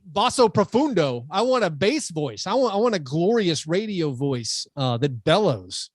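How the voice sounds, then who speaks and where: Male podcast host, high lively voice, energetic and self-mocking, dry close sound, remote call. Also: normal speed, no echo. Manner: animated, energetic, self-deprecating. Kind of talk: casual chat. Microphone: remote computer call.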